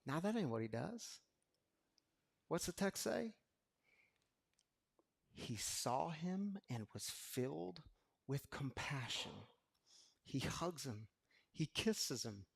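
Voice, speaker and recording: A man preaching a recovery sermon, swinging between hushed, intimate talk and loud, passionate preaching, with casual phrasing like "y'all". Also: fairly high pitch, big pitch swings, slow pace, creaky, long pauses, husky. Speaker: recovery community speaker.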